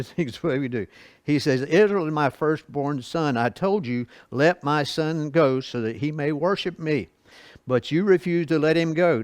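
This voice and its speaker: A man teaching a Bible study lesson, reading scripture slowly and explaining it in a folksy way with asides and chuckles. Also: on the high side, darkish tone, no echo.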